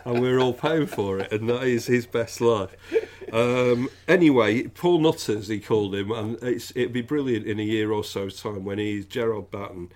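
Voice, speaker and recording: A man's voice: medium pitch, moderate pace, darkish tone. A man hosting a podcast, chatting casually about politics in a jokey, rambling way. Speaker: podcast host.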